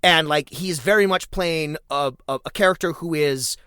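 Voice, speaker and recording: A man co-hosting a casual movie podcast, animated and quick to swing between excited highs and low asides. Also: clear, resonant tone, no echo, studio quality. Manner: quotes characters in put-on voices. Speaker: podcast co-host. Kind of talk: casual movie-review chat.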